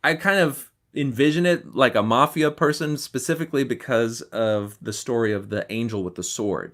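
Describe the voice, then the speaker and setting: A man's voice: mid-range voice, moderate pace, few pauses, a bit bright. A man hosting a podcast and commenting in a casual, critical tone, with the odd um along the way. His voice sits in a mid range. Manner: conversational and critical, with ums and throat-clearing. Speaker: podcast host.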